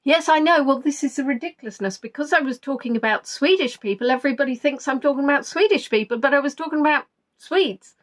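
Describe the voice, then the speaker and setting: A woman's voice: sits high, fast talker. A woman hosting a live-streamed quiz from home, rambling playfully, reading out viewers' answers and making joking asides.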